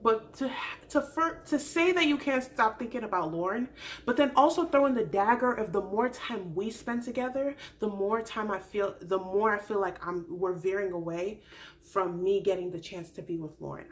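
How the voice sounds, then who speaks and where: A young woman vlogging a casual recap, animated and exasperated, acting out quoted lines in other voices. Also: mid-range voice, moderate pace. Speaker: vlogger recapping a reality show.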